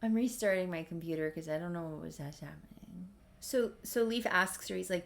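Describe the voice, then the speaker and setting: A woman's voice: fairly low pitch, a little slow, gravelly. A woman casually recapping a soap story as a video creator, chatty and wry. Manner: chatty, wry, lots of fillers.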